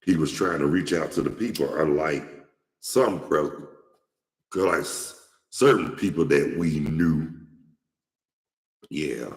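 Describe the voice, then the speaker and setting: A man's voice: rumbling low, slow pace, long pauses. A man hosting his own show, giving casual, outspoken commentary straight to his viewers and rambling with plenty of restarts and repeats. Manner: slangy and outspoken. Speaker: show host. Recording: echoey room with long reverb.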